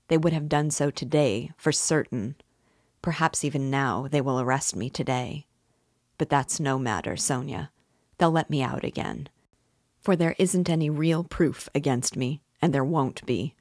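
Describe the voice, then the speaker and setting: A woman's voice: sits low, normal speed, darkish tone, no echo, studio quality. A woman reading aloud, voicing a bitter, proud young man who talks gloomily and defiantly. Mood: grim insistent.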